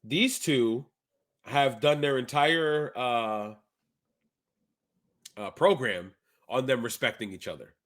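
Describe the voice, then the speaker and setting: Brief: man, podcast co-host, bright forceful voice, animated storyteller, a bit sick. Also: mid-range voice, slow pace, long pauses. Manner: animated storyteller, acts out quotes. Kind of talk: casual chat.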